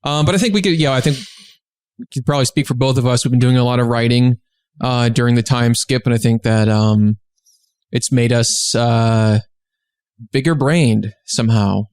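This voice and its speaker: A man's voice: medium pitch, normal speed, darkish tone, clean tone, no echo. A man co-hosts a casual podcast with a laid-back, teasing manner. His mid-range voice is recorded close and dry, with no room sound. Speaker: podcast co-host.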